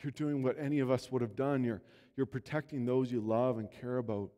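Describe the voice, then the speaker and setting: Male pastor, sermon delivery, mellow tone, earnest storyteller whose voice rises and falls, church hall reverb. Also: medium pitch, fairly even intonation, fairly quick. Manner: earnest storytelling, voice swells and drops. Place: church sanctuary.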